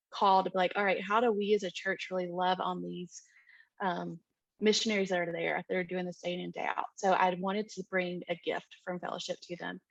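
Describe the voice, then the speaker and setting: A woman recounts a mission-trip moment in a chatty, animated way, sprinkling in ums and likes. Her voice sits at an ordinary pitch. The recording is dry and slightly muffled. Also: no echo. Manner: chatty, full of "um" and "like", animated retelling. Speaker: mission trip team member. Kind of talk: casual storytelling in an interview.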